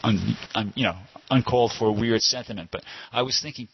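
A man's voice: mid-range voice, brisk, vocal fry, slightly rough. An older man telling a rambling personal anecdote at a temple class, often circling back to correct himself. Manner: rambling, digressive, frequent self-corrections. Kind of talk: informal anecdotal storytelling. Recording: dull lo-fi recording.

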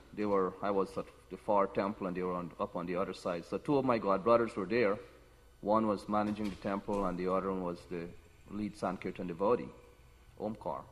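A man giving a devotional talk, telling personal stories in an unhurried way with frequent restarts. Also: on the low side. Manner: unhurried storytelling with many restarts. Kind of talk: sermon with personal anecdotes. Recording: long hall reverb.

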